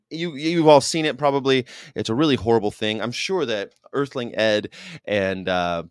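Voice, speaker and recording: A man with a lowish voice hosts his own show in a loose monologue. He is animated and emphatic and often restarts his phrases. The recording is dry and close, with no room sound. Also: clear, resonant tone, dry recording. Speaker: show host. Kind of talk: casual monologue commentary.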